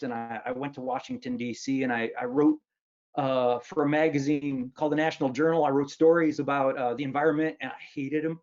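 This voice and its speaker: A man's voice: mid-range voice, a little mellow, highs cut off. Self-mocking man telling funny stories. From Wisconsin, United States. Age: 50s. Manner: self-mocking, with frequent restarts and ums. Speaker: author giving a luncheon talk. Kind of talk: humorous storytelling speech.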